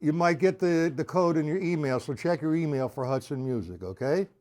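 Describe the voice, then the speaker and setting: A man's voice: a little high, animated, a little fast, a little mellow. A man teaching drums on a live stream, chatting casually and counting beats aloud. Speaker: drum teacher. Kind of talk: live-streamed drum lesson.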